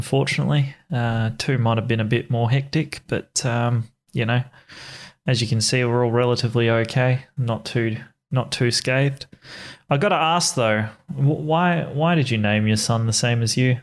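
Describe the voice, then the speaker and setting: A man's voice: medium pitch, moderate pace. A man playing a tabletop game, casual and teasing with a hesitant delivery. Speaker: player.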